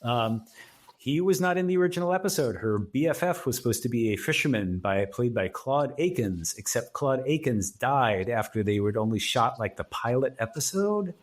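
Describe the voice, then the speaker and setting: A man's voice: medium pitch, expressive, moderate pace. Male podcast co-host, chatty trivia talk, mid-range voice. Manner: chatty, recounting trivia with quoted lines. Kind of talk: casual chat about old TV.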